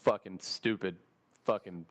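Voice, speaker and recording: A man hosting a casual podcast, telling stories in a profane, lively way and acting out the people in them. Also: sits low, a little slow, muffled recording. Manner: profane, animated storyteller who acts out quoted people. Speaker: podcast host. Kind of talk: casual storytelling chat.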